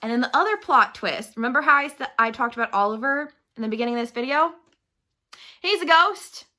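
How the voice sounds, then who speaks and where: A young woman vents about a book in a loose, chatty vlog rant, peppering nearly every phrase with "like" and dropping the odd swear. Her voice sits a touch high and rings bright and forward. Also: lively intonation, fairly quick. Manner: chatty, swears freely, heavy use of "like". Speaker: book reviewer.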